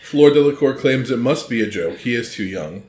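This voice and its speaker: A man's voice: medium pitch, lively intonation, brisk, darkish tone. Man chatting in an echoey room. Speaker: podcast co-host. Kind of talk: casual chat and reading aloud from a book.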